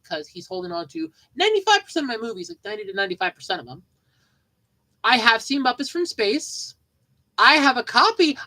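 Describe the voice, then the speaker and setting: Woman podcaster rambling about old movies, kinda high, really bright voice, repeats stuff. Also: poor audio. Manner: rambling, animated, laughs through stories, repeats herself. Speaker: podcast host. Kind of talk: casual storytelling and movie chat.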